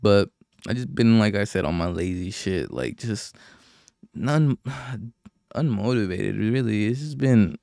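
A young man hosts a casual solo podcast, talking in a rambling, profane way with frequent sighs and fillers. His voice sits fairly low. The sound is dry and close, with no room echo. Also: expressive, slow pace, gravelly, warm tone. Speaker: podcast host.

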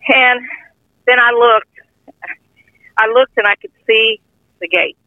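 A woman's voice: fairly high pitch, fairly even intonation, slow, dry recording. An older woman earnestly telling a heartfelt personal testimony in plain, informal speech. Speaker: guest sharing a testimony. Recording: tinny phone-line audio, dry.

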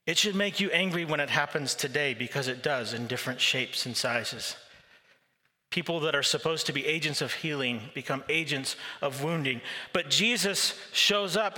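Pastor guy telling the story with a lot of drama, voice a bit high, long church reverb. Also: moderate pace, bright, forceful tone. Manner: vivid storytelling, acting out quoted voices. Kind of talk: sermon. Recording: long reverb of a large hall.

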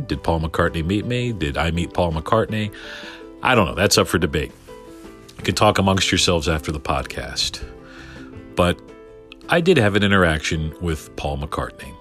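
A middle-aged man telling a story casually, animated and excitable, often stumbling over his words with restarts. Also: low-pitched. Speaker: podcast guest telling a story.

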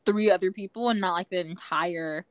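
A young woman co-hosting a podcast in casual chat, talking fast with lots of "like" fillers. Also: on the low side, dry recording. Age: young adult. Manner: chatty, many "like" fillers. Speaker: podcast co-host.

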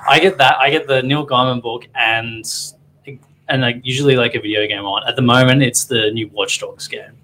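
A man in an easygoing co-hosted chat, breaking into laughter and casual swearing. His voice sits at an ordinary middle pitch. A faint hum of noise lingers behind him. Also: steady tone, moderate pace, pushed and bright, low-quality recording. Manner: laughs often, swears casually, mimics ads. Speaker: co-host.

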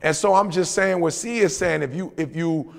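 Male podcast co-host, high gravelly voice, animated slangy motivational storyteller, long reverb. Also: normal speed. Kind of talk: motivational casual talk.

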